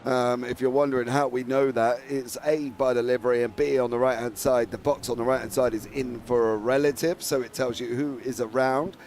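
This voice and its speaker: An English man commentating sim races, excitable and teasing, shouting at drivers. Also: medium pitch, a little fast, few pauses, a little hiss or hum. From England. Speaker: race commentator.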